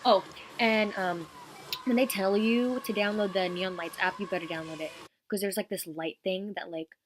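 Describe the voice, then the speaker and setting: A woman's voice: mid-range voice, fairly even intonation, moderate pace, a little hiss or hum. A teenage girl vlogging about a concert in a gushing, rambling way, full of "like" fillers, sometimes dropping to a whisper. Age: teens. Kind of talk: casual vlog chat.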